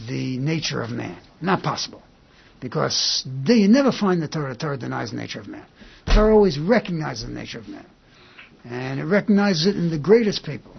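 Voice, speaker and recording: A man giving an informal Torah class, talking in halting bursts and repeating phrases as he works through a point. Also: a little high, creaky, a little hiss or hum. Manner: halting and repetitive, restarting phrases. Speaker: Torah teacher. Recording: dull lo-fi recording.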